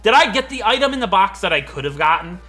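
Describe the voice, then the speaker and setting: Young male let's-play host, bright lively voice, rambling jokes. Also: high voice, fast talker, soft background music. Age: 20s. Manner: rambling, joking, laughs a lot. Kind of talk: gameplay commentary.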